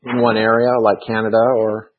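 A man's voice: on the low side, monotone, brisk, noisy background. A man in a casual chat, curious and full of questions. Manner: curious, asking many questions. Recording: dull lo-fi sound.

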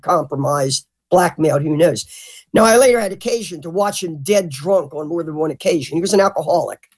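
A woman speaking as a guest in a loose, casual interview. She is blunt and salty with her words, and her pitch jumps around a lot in an animated, expressive way. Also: husky. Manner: blunt and profane; animated, mimics others. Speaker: podcast guest.

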